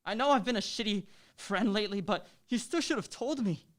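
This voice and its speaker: A man's voice: sits high, lively intonation, brisk. A young man's hesitant voice, stammering and pleading, as an actor reads the part. He plays someone full of remorse toward the people he hurt. It comes from a live reading of a new play. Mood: defensive. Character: young man, remorseful cheating boyfriend and friend.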